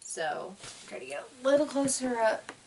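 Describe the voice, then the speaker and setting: A woman's voice: high voice, animated, moderate pace, gravelly, a little mellow, recorded from a distance, slight background noise. A woman hosting a casual knitting vlog, chatty and enthusiastic but tired and yawning, rambling with many fillers. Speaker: knitting podcast host.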